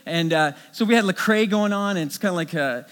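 Man preaching, high voice, middle-aged, animated storytelling, lingering hall reverb. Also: brisk. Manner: storytelling, animated, many restarts. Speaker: pastor. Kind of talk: sermon.

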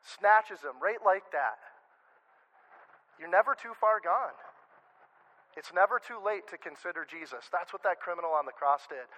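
Man, pastor, sermon, high voice, bright tone, animated, conversational. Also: moderate pace, pauses often, poor audio. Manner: animated, conversational preaching with frequent restarts.

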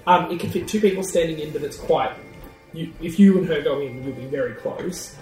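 A man running a tabletop game, his voice sitting a touch high for a man. He describes scenes in detail and laughs often. He sounds a little distant from the mic, in an echoey room with faint noise behind. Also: fairly quick, a little mellow, faint music behind. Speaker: game master.

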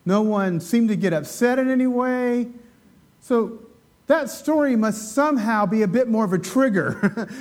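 High-voiced man preaching conversationally. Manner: conversational, asks the congregation questions, acts out quoted voices. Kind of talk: sermon.

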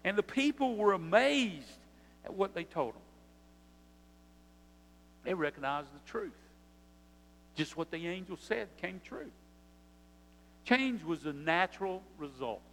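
Older preacher, high and echoing. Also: male voice, lively intonation, slow, vocal fry, pauses often, fairly bright tone, slight background noise. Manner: preaching with rising emphasis and repetition. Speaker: pastor. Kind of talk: sermon.

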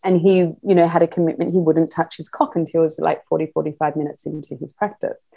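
A middle-aged woman talking casually as a podcast guest, animated and laughing often as she acts out little quotes. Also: low-pitched, fast talker, vocal fry. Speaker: podcast guest, sex educator. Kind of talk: casual interview chat.

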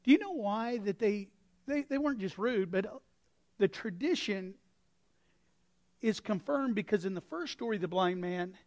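A male pastor preaching a sermon with a folksy, anecdotal manner, swinging from quiet asides to sudden shouts. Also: high voice, animated, measured pace, long pauses. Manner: impassioned, breaks into sudden shouts.

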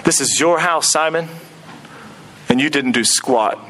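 Man doing a stern rebuking teacher, blunt, lower and darker than his own voice, faint noise behind. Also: measured pace, fairly bright tone. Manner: blunt, pointed, conversational.

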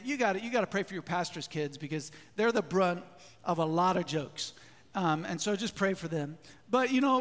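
A man preaching a sermon as a pastor in a church, lively, often putting questions to the congregation. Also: high voice. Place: church sanctuary. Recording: long hall reverb.

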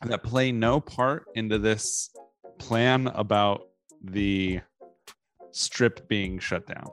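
A man's voice: fairly low pitch, fairly even intonation, soft background music. A man hosting a casual chat, directing the others and stumbling over repeated words as he hurries. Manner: directs the group, quick, repeats himself.

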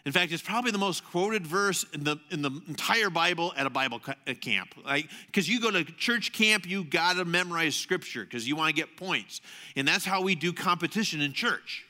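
A male pastor preaching a sermon, telling the story animatedly and swinging between loud emphasis and hushed asides. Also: fairly high pitch, expressive, a little fast.

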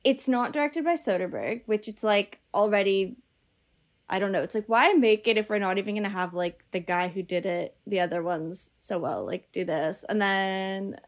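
A woman in a casual movie chat with friends, talking in an animated, run-on way with lots of "like" fillers. Her voice sits at a middle pitch for a woman. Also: normal speed.

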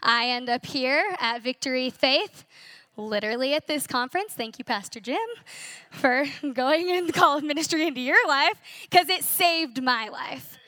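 A woman's voice: sits high, normal speed, bright, forceful tone, no echo, studio quality. A young woman in her twenties sharing an earnest, emotional personal testimony at a church conference, telling her story with animation.

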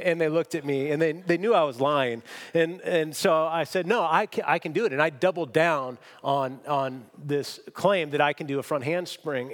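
A man's voice: on the high side, big-room sound. A man preaching a sermon as pastor, emphatic and self-deprecating as he tells a story to his church. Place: church sanctuary.

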